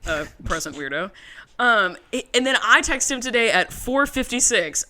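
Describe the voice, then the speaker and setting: Woman, podcast co-host, crisp bright voice, chatty, swears a lot, animated. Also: mid-range voice, moderate pace. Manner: chatty, profane, animated storytelling. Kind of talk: casual recap chat.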